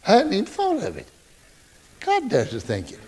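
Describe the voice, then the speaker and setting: A male pastor preaching a folksy, joking, animated sermon. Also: high-pitched, normal speed.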